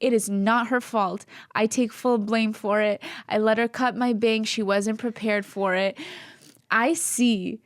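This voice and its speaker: A young woman with a fairly high voice, co-hosting a candid faith chat. She talks earnestly and rambles, often laughing at herself. The sound is close and dry, with no room around it. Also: steady tone, unhurried, no room sound. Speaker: podcast co-host.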